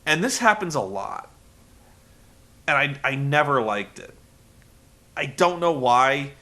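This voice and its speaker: A man's voice: mid-range voice, very animated, slow, bright, forceful tone. A man hosting a casual, rambling recap of a wrestling show. He is profane and sarcastic. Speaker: podcast host.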